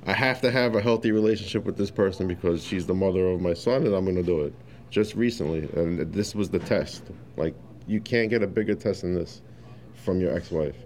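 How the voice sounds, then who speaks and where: Deep-voiced man telling his story. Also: a little fast. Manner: animated storyteller who acts out quotes, many fillers. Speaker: interviewee sharing his story. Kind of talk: casual personal testimony.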